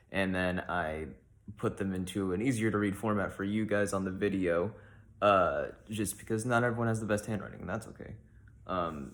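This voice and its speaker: A man doing a deadpan comedic monologue as host of a mock advice show, rambling and awkward, with many ums and likes. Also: deep voice.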